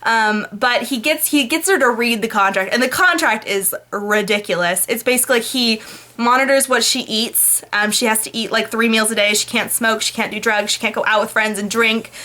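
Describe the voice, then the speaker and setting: A woman's voice: fairly high pitch, moderate pace, pushed and bright. A young woman vlogger giving a sarcastic, exasperated, chatty book summary.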